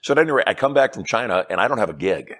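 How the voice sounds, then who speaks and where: A middle-aged man with a fairly low voice, talking as an interview guest. He tells stories with energy and plays out both sides of each conversation. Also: rapid-fire, breathy edge. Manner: animated storyteller acting out dialogue. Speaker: guest, hypnotist and persuasion trainer. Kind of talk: storytelling interview chat.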